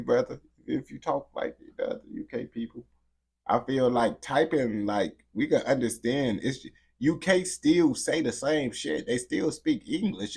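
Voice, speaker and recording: A man hosting a casual livestream, speaking straight to his chat in loose street slang. His voice sounds husky and slightly rough. He sits at a mid pitch for a man and laughs his way through the banter. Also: a little mellow.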